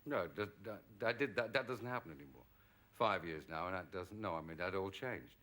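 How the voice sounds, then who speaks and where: Bright-voiced middle-aged English actor. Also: male voice, deep voice, fairly quick. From England. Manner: lively storyteller, acts out quoted voices. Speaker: actor, talk show guest. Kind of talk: anecdotal chat.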